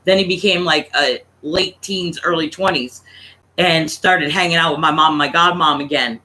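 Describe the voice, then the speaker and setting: A man's voice: a little high, moderate pace, sharp tone, rough recording. A man in his thirties, telling a casual, profane family story to his stream audience. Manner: profane, laughing anecdote-teller.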